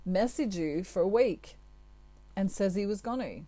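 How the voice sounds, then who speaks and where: A woman, a tarot reader, giving spiritual advice to her viewers in a chatty, gentle way with asides. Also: mid-range voice, lively intonation, measured pace, no echo.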